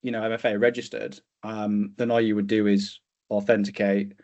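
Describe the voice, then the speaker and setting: A man's voice: fairly low pitch, little pitch movement, normal speed, darkish tone, muffled recording. A man co-hosting a tech podcast, explaining things in a casual way with lots of fillers and restarts. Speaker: podcast co-host.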